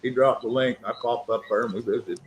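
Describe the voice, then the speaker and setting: A male livestream host with a mid-pitched voice who rambles easily as he brings callers on. A faint hum of noise sits under the recording. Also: fairly even intonation, fast talker. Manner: rambling, friendly and welcoming to guests. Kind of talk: casual chat.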